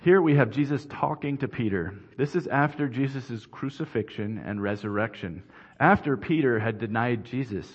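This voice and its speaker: A man's voice: medium pitch, animated, husky. Male preacher in a reverberant hall. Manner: measured, earnest expository preaching. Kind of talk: sermon. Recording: dull, reverberant hall recording.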